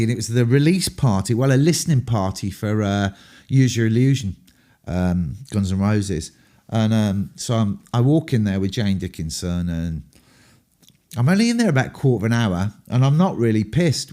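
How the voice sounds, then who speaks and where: A mellow, warm-toned English rock band frontman with a lowish voice recalls candid anecdotes from his rock-and-roll days. He rambles, swears freely and fills his pauses with ums.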